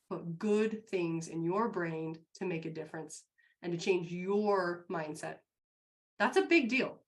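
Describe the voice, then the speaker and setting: A woman co-hosting a live business show, giving an upbeat, encouraging motivational talk to an online audience. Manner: upbeat and encouraging, bursts high acting out quotes.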